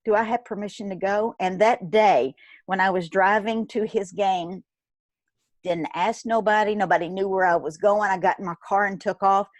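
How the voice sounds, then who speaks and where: A woman in her fifties, a guest in an interview, telling a personal story in a lively way, acting out what others said and laughing often. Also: medium pitch, moderate pace, no room sound. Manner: animated, acts out quoted dialogue, laughs often. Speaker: guest, retired nurse turned business owner.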